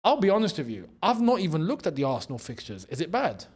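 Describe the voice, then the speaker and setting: Lively, high-pitched London man. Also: fast, husky. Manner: chatty, laughs often, reads out super chats. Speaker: watchalong host. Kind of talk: casual live match commentary.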